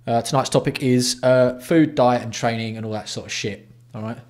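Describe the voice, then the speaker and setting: A man's voice: mid-range voice, normal speed, darkish tone. A man from England hosting a casual livestream, greeting viewers by name with blunt, sweary banter. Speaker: livestream host.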